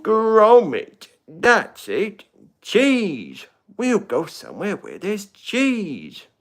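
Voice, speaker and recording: A man's voice: sits high, wildly swooping pitch, very slow, fairly bright tone, voice pushed up, heavily acted. A man doing a chirpy cheese-mad Wallace. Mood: excited. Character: cheerful cheese-loving British inventor, middle-aged man.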